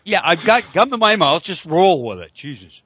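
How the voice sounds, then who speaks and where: Male podcast host, casual and laid-back, animated voice, dry close sound. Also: sits high, normal speed, husky, no room sound. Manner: laid-back, chuckling, hesitant fillers. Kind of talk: casual chat. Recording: dry, dull lo-fi recording.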